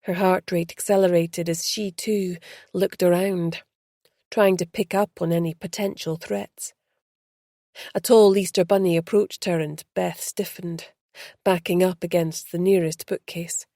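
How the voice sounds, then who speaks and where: A woman narrating an audiobook with a gravelly, mellow, rather low voice, measured and even. The close mic gives a dry, dead sound. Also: no echo.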